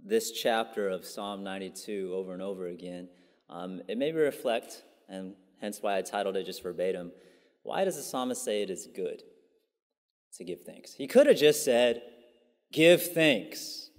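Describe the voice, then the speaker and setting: Dude pastor giving a chatty sermon, lots of ums, echoey church hall. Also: male voice, deep voice, lively intonation, normal speed, darkish tone. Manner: conversational, many fillers and asides. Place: church sanctuary. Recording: long church hall reverb.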